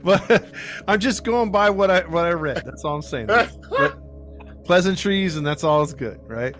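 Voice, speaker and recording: A man hosting a true crime podcast, telling the case in a casual, animated way and acting out what people said. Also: high-pitched, moderate pace, soft background music. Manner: animated, acts out quoted people, laughs often. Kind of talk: casual storytelling.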